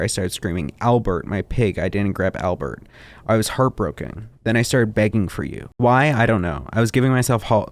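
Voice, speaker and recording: A man streaming, reading a written statement aloud in a steady, somber way, with quiet muttered asides. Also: deep voice, vocal fry. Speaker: streamer reacting to online content.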